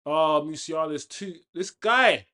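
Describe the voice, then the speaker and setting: A man hosting a casual football watchalong, chatting on tangents and reacting loudly to the play. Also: a little high, slow pace. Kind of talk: casual live match commentary.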